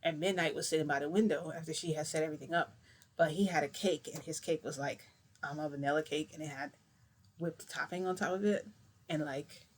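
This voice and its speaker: Rambling young woman telling a story. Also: deep voice. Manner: rambling, animated retelling with acted-out quotes and mild swearing. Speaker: vlogger telling a shifting story. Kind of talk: casual storytelling.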